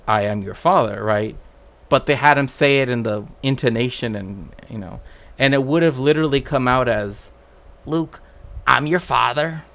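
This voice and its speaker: A man's voice: mid-range voice, gravelly, fairly bright tone. A man hosting a casual stream, rambling through trivia with many fillers and restarts. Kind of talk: casual chat.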